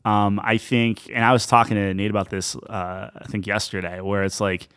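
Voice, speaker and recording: Low-voiced young man, dry close sound. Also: level tone, moderate pace, a bit bright, smooth, no echo. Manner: loose, filler-heavy, lots of "like". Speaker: podcast co-host. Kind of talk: casual chat.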